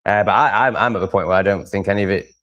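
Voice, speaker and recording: A man's voice: fairly low pitch, very fast, fairly bright tone, muffled recording. A man hosting a live stream, chatting casually and reacting to viewers' comments in a rambling, opinionated way. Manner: rambling and opinionated, with many fillers and restarts. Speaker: livestream host.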